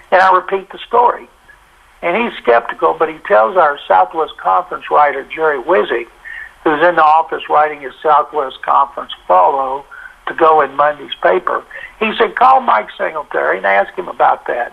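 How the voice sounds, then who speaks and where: A man, a sportswriter, telling a story in a lively way and acting out the voices of the people in it. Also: a little high, normal speed, vocal fry, breathy edge, lo-fi sound. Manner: animated, acts out quoted voices. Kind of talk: anecdotal storytelling.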